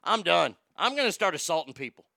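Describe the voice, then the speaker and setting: A man's voice: sits high, sing-song, brisk, vocal fry, sharp tone, dry recording, clean studio sound. A man hosting a live show, ranting about politics in a heated, sarcastic and profane way, often stammering and restarting when worked up.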